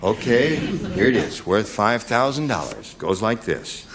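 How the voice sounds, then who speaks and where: A man hosting a game show in a TV studio, chatting with contestants and tossing off quick jokes. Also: on the low side, very animated, fairly bright tone, a little hiss or hum. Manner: joking, quick quips with the panel. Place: television studio. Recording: studio audience and music. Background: audience laughter and music.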